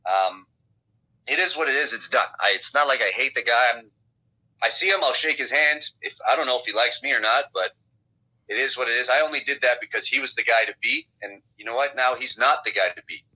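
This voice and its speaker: A man's voice: medium pitch, quick pace. A man, a professional fighter, talking bluntly and profanely in a casual phone interview. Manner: blunt, profane, animated storytelling. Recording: dull lo-fi phone call audio.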